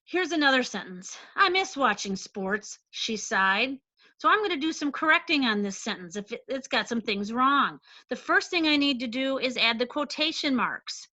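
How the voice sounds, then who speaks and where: A woman teacher explaining a lesson slowly and deliberately, stressing each point. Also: high voice, lively intonation, sharp tone, dry recording, dull audio. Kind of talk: recorded classroom lesson.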